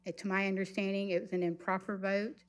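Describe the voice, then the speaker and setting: A woman giving a public comment at a county meeting, pausing often with ums and uhs. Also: medium pitch, flat delivery, smooth. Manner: hesitant, many ums and uhs.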